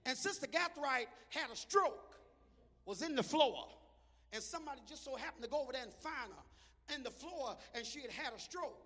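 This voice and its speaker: Shouting preacher man, very high gravelly voice, big hall reverb. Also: lively intonation, moderate pace. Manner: shouting, rhythmic. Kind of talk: storytelling sermon.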